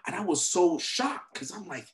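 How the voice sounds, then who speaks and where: A middle-aged male comedian, a guest in an interview, telling a story with animated delivery and acting out the lines of other people. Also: high voice, moderate pace.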